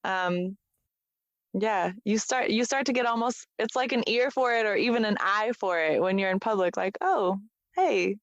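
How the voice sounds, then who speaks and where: A woman's voice: mid-range voice, dry recording, muffled recording. A woman, a foster parent coach, chatting as a podcast guest and readily agreeing. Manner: agreeable, laughs often, quick when explaining. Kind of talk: casual podcast conversation.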